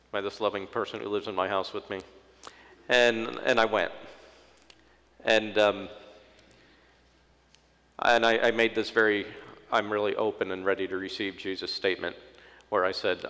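A man preaching a sermon as pastor, in a relaxed conversational way with humorous asides and quoted inner thoughts. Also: fairly low pitch, big-room sound.

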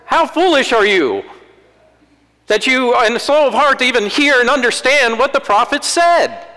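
A man voicing an exasperated male teacher who scolds his slow followers, emphatic and pointed, in a long church reverb. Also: extremely high pitch, expressive, sharp tone, voice pushed up, exaggerated voice.

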